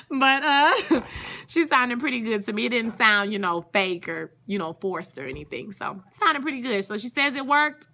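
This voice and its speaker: A woman talks through a TV episode in a loose, chatty vlog. Her voice sits a little high and rings bright and forceful. She gushes freely and keeps turning to her viewers. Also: expressive, normal speed. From Louisiana. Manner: chatty and gushing, often calls out to viewers. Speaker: TV show reviewer. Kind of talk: casual recap vlog.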